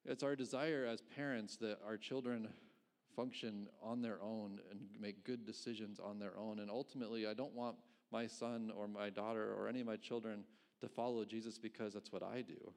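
A man's voice: lowish voice, steady tone, normal speed, darkish tone. A middle-aged man, a pastor, preaching a conversational sermon, asking rhetorical questions and chuckling between points.

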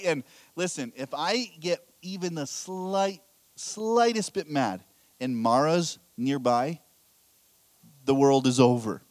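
Lively, high-pitched male pastor preaching. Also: dry recording. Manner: candid, self-deprecating storytelling with laughs. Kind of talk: sermon.

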